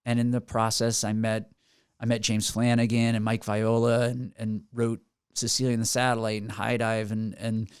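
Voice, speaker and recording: A man's voice: fairly low pitch, little pitch movement, moderate pace, smooth, dry recording, studio quality. A man in his forties, a musician guest on a podcast, telling stories in an earnest, rambling way with many restarts. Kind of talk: casual podcast interview. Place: podcast studio.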